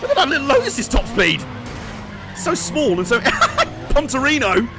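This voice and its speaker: A man's voice: very high voice, huge pitch swings, measured pace, gravelly, pauses often. A man giving jokey, sweary live commentary over a racing game he streams, laughing often. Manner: joking, sweary, laughs a lot. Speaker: let's play streamer. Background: racing game music and engine noise.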